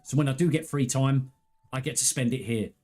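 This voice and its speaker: This gaming streamer speaks casually to his live-stream audience with a mid-pitched, slightly mellow voice at a brisk pace. Candid and earnest, he rambles through personal stories full of restarts and asides while faint music plays in the background.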